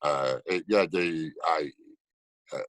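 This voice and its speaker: A man's voice: very deep voice, slow pace, fairly bright tone, no echo. A man telling stories in a casual interview over a video call, laughing often. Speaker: actor guest.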